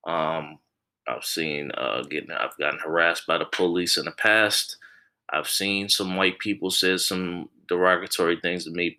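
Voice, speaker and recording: A man's voice: low-pitched, bright, forceful tone. A man hosting a solo podcast, talking in a blunt, profane, casual way with many restarts. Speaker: podcast host.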